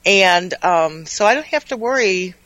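A man talking casually, halting and restarting his sentences. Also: high-pitched, expressive, sharp tone, no room sound, rough recording. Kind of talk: casual chat.

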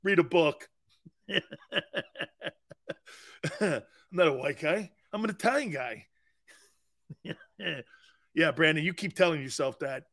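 A man's voice: a little high, lively intonation, normal speed, pauses often. A man hosting a sports talk show, chatting casually, joking and laughing as he answers viewers' comments. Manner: joking, laughing, wide swings in loudness. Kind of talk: casual chat, reading live chat.

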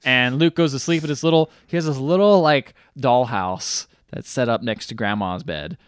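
A man co-hosting a podcast, casually retelling a movie plot in an animated way, often laughing and acting out the characters' lines. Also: medium pitch, moderate pace, clean tone, no echo, clean studio sound. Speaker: podcast co-host. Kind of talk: casual movie recap chat.

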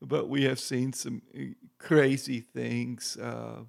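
A man, a guest minister, telling church stories in a relaxed chat, with many pauses and fillers, growing louder as he gets into a story. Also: mid-range voice. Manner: unhurried, gravelly, many fillers, grows loud and excited telling stories.

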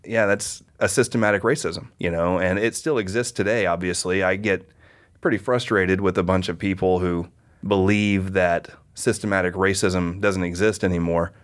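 A middle-aged man from the Midwest talks casually on his podcast, his voice fairly low and pitched a little under the usual. He tells stories with energy and slips into little voices for the people in them. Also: normal speed. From American Midwest. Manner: animated storyteller, voices people in anecdotes. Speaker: podcast host. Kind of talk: casual conversation.

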